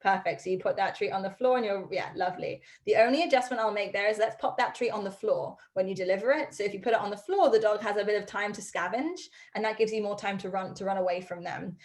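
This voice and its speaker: A woman's voice: mid-range voice, quick pace, hardly any pauses. Upbeat chatty woman dog trainer. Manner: upbeat, chatty, frequent ums. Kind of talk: live online training class. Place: home study. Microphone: video call.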